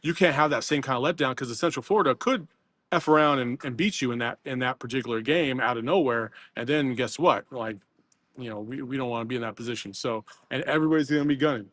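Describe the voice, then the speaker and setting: A man's voice: mid-range voice, fast talker, a bit bright, no echo. A man talking basketball as a guest analyst on a postgame show, loose and rambling with plenty of fillers. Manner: rambling, loose, laughs often. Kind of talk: casual postgame chat.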